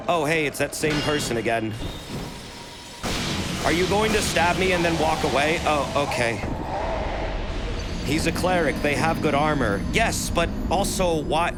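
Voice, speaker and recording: A man streaming a video game, chatting casually, swearing freely and yelling at enemies. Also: on the high side, animated, unhurried, long pauses, over loud music. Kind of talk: casual gameplay commentary.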